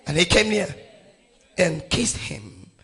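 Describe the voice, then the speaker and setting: A middle-aged male pastor from Nigeria leading his congregation through a Bible passage verse by verse, calling out each verse and rising to shouts on key lines. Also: high-pitched, sing-song, slow pace, creaky, husky. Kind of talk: sermon with congregational scripture reading.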